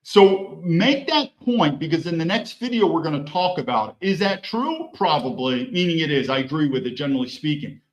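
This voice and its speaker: A man's voice: a little high, very animated, moderate pace, few pauses. A man hosting a political commentary show, reacting bluntly to news clips with mocking asides.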